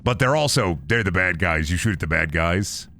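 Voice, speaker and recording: A man streamer rambles and rants through his gameplay, swearing freely. His pitch swings widely and his voice sounds bright and forward. A faint hiss sits behind him. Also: normal speed, gravelly. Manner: profane, rambling, animated ranting. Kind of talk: casual gameplay commentary.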